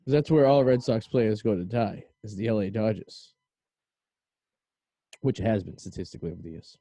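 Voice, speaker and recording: A man with a Boston accent hosts a casual chat show, rattling off jokes and rambling asides at a brisk clip. His voice is dark and mellow, recorded close and dry with almost no room sound. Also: on the low side, no echo. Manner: joking, rambling, quick banter. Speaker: podcast host.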